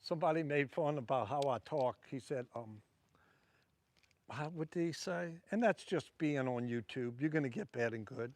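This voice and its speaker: A man's voice: medium pitch, lively intonation, normal speed, dry recording. A man with a Southern Louisiana accent chatting casually to livestream viewers while fishing from a wharf at night, rambling between casts.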